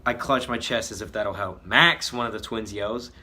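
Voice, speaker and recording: A man's voice: fairly low pitch, fairly even intonation, moderate pace, sharp tone. A man reading a story he wrote as a child, joking about the spelling and the drawings as he goes. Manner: mocking his own old writing. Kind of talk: comedic read-aloud with commentary.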